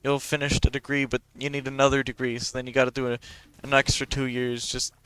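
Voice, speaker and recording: A man's voice: medium pitch, little pitch movement, fast talker, a bit bright, smooth. A young man, talking in a casual, rambling and profane way as a podcast host.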